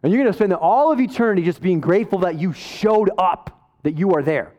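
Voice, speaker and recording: A man with a notably high voice preaches a sermon to his congregation. He talks in a loose, conversational way, full of asides and jokes, and he sounds fired up. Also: animated, brisk, darkish tone. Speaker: pastor.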